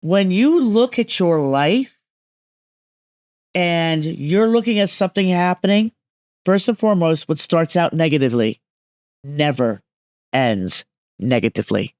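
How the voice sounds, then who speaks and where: A woman's voice: lowish voice, expressive, a little slow, long pauses, a little mellow, dry recording, studio quality. A woman speaking as a medium guest on a podcast, explaining emphatically and often checking that listeners follow.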